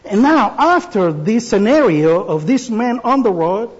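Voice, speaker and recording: Guy giving a sermon, high-pitched, slow and careful. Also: big pitch swings, slightly rough, muffled recording. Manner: slow, deliberate delivery with pauses and restarts. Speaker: preacher.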